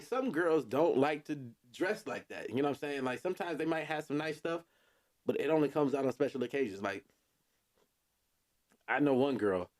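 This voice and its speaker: A man's voice: medium pitch, a little mellow. A man hosting a casual podcast chat, laid-back and rambling, with many fillers and chuckles. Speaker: podcast host.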